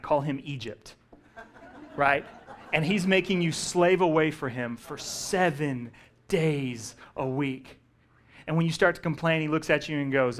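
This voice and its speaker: A male pastor preaching a sermon, telling the story with lively acted-out voices. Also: a little high. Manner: animated storytelling, acting out quoted voices.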